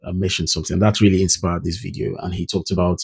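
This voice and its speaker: A man's voice: deep voice, level tone, quick pace, creaky, darkish tone, slightly rough, no room sound. A man with a Nigerian accent, a native Idoma speaker, talking casually to camera as a pronunciation coach and trying out sample words as he explains. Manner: thoughtful, explains with spoken pronunciation examples.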